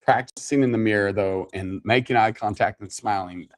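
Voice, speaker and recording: A man co-hosting a casual chat as a matchmaker, talking in a playful, teasing and animated way. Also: lowish voice, moderate pace. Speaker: matchmaker and co-host.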